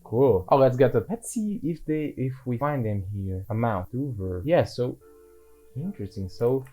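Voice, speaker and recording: A man's voice: medium pitch, animated, moderate pace, warm tone, faint music behind, poor audio. A man giving casual gameplay commentary, rambling and apologetic, often restarting his sentences. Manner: rambling and self-deprecating, with frequent restarts. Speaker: gaming video creator.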